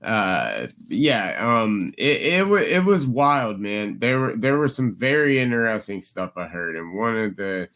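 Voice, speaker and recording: A man with a slightly low but bright, forceful voice tells stories on a casual podcast. He is animated and jumps up in pitch to act out the people he quotes. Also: a little slow, hardly any pauses. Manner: animated storyteller, acts out quoted people in a raised voice. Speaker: podcast co-host.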